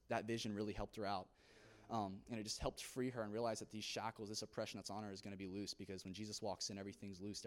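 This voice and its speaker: A young man from a church youth group giving an earnest testimony to a congregation, telling his story with many fillers. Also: lowish voice.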